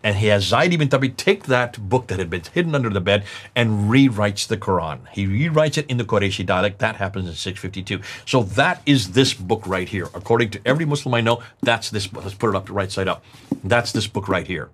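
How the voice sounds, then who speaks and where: A middle-aged man teaching on manuscript history presents a lecture-style discussion, emphatic, repeating key words and explaining through examples. His voice is fairly low, animated and a bit bright, moving a little fast.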